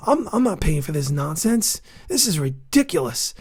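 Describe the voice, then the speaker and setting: Between outbursts, a boxing show host skims an article and reads bits aloud, delivering heated, opinionated rants and repeating insults to drive points home. The voice is medium-pitched with big swings in pitch, moderately paced, a little mellow, with a breathy edge.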